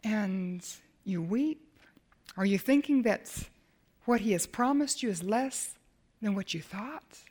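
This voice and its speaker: A woman preaching a sermon as a Bible teacher, dramatic, swinging from emphatic lines to hushed ones. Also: medium pitch, animated, slow pace.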